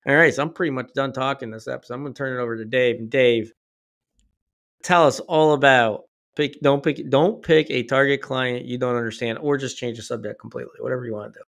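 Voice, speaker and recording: A man hosting a business podcast in casual chat, talkative and quick to laugh. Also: mid-range voice, steady tone, gravelly, fairly bright tone. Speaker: podcast host, company CEO.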